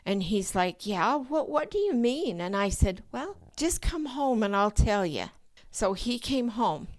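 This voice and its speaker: An older woman telling a personal story in a lively way, acting out her own past thoughts with sudden high rises in pitch. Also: a little slow, no room sound. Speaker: guest telling a true story.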